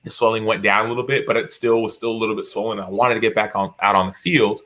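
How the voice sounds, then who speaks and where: A man's voice: lowish voice, steady tone, quick pace, sharp tone. A man in his thirties, a podcast guest and author, telling stories animatedly in a casual interview, acting out quotes with many restarts.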